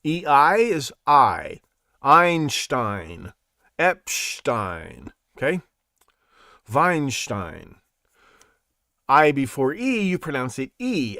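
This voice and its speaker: A man's voice: fairly high pitch, bright, forceful tone, no echo, clean studio sound. A man hosting his own show, talking in a rambling, sarcastic way and laughing at his own jokes. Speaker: podcast host. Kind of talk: casual monologue.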